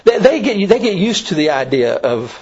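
A man's voice: sits high, sing-song, moderate pace, darkish tone, breathy edge. Rambling male Bible teacher, lo-fi. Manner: rambling, many restarts and asides. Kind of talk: Bible study lecture. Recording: dull lo-fi recording.

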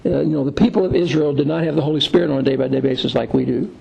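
Gravelly man teaching a Bible lesson. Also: a little high, fairly even intonation, dark tone, dull audio. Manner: halting, many fillers and restarts, thinking aloud. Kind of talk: unscripted Bible lesson with scripture reading.

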